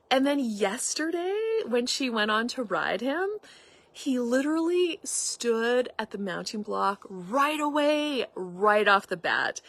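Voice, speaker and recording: A woman's voice: a little high, pushed and bright, dry recording. A middle-aged woman host telling a story in a casual, meandering way, acting out quoted dialogue. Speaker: podcast host and facilitator.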